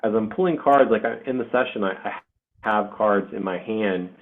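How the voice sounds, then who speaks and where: Man, 40s, low voice, candid emotional storyteller with swearing and fillers, heard over thin phone-like call audio. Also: moderate pace. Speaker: spiritual group host. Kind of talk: casual personal storytelling. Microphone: online video session.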